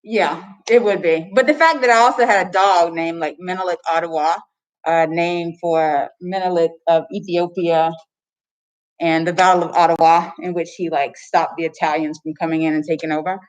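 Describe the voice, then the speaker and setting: A woman's voice: on the low side, steady tone, moderate pace. A young woman teacher giving a chatty history lecture to her class, joking with students. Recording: echoey classroom, distant mic.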